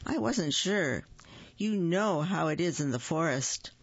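A woman's voice: deep voice, expressive, measured pace, husky, no echo, lo-fi sound, heavily acted. A woman voicing a prim, fussy, cautious male rabbit in a children's story.

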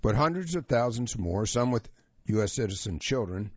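A man presenting a magazine feature as scripted narration, reading in a measured, even manner. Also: medium pitch, breathy edge, no room sound. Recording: dull, lo-fi, dry sound.

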